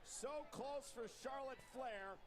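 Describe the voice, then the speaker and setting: A man giving broadcast wrestling commentary in a measured, analytical way. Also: extremely high pitch, soft background music. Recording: TV broadcast with loud crowd.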